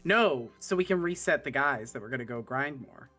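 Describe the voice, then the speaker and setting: Laid-back, bright-voiced woman gamer. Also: very deep voice, expressive, normal speed, faint music behind. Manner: self-deprecating, laid-back. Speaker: co-host streamer. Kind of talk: casual gaming chat.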